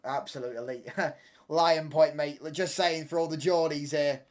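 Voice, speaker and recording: A man's voice: fairly high pitch, steady tone, normal speed. Cheeky young man bantering. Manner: cheeky teasing banter, laughs often, tags lines with mate and pal. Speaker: football watch-along streamer. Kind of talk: live casual chat over a match.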